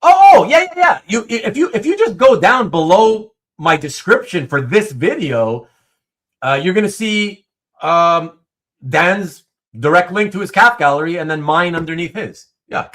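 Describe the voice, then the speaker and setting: A man hosting a casual livestream chat, reading viewer comments aloud, with animated speech and stumbling restarts. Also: high-pitched, a little slow. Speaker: host.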